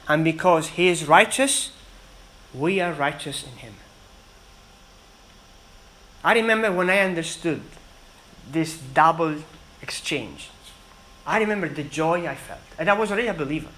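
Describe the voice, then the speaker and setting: A man preaching a sermon in an earnest, emphatic way, with dramatic pauses between phrases. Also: a little high, animated, bright, forceful tone, low-quality recording.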